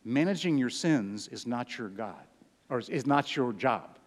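A pastor in his sixties preaching a sermon, swinging from loud emphatic peaks down to hushed low phrases. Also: lively intonation, a little slow. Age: 60s. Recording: hall reverb.

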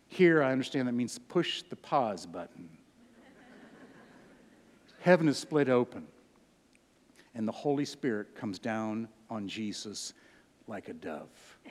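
A pastor in his sixties preaching a sermon, swinging from loud emphatic peaks down to hushed low phrases. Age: 60s. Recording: hall reverb.

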